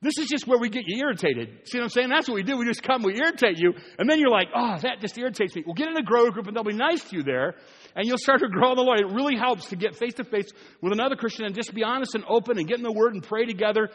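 A man's voice: extremely high pitch, animated, rapid-fire, a bit bright, long reverb tail. A man preaching a sermon as pastor, talking in a conversational way with joking asides and rising to earnest emphasis. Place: church sanctuary.

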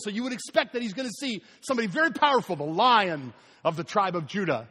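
A man preaching a sermon as pastor, animated, acting out scenes and sometimes dropping very soft. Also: high voice, quick pace. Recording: echoey hall with long reverb.

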